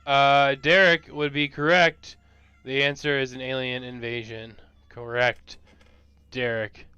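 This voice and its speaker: A man's voice: mid-range voice, flat delivery, unhurried, sharp tone, clean tone, no echo, highs cut off, faint music behind. A young man hosting trivia on a casual youth group live stream from home, easygoing and laid-back.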